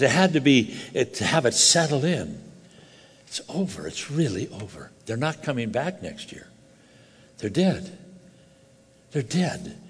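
An older man preaching a sermon, telling a story with animated, halting restarts that drop to quiet intensity. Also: a little high, long reverb tail.

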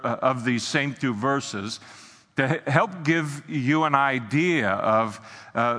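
A man's voice: medium pitch, sharp tone, in a large hall. A man preaching a sermon in an earnest way, with many filler sounds and restarts. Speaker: pastor.

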